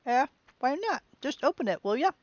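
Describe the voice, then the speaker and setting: A woman's voice: high voice, sing-song, moderate pace, dry recording, lo-fi sound. A woman reading as a pushy little neighbor boy. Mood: coaxing. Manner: coaxing, questioning.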